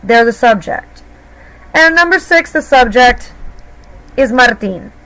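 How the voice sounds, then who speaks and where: A woman's voice: on the high side, animated, slow pace, a bit bright, rough recording. A woman teacher explaining grammar to her students patiently, step by step, in a recorded lesson. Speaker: Spanish teacher.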